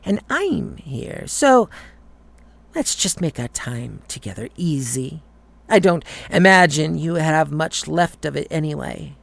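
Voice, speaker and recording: A man voicing a gravelly demonic changeling boy. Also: on the high side, sing-song, fairly bright tone, no echo, heavily acted. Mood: menacing. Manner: slow, taunting drawl. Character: menacing demonic changeling boy, fairy in disguise.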